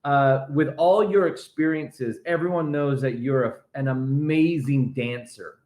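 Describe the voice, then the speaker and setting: A man's voice: medium pitch, unhurried, echoey room. A male pastor joining a live chat as a guest by video call, talking in a playful, teasing way. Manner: playful, teasing, warm praise.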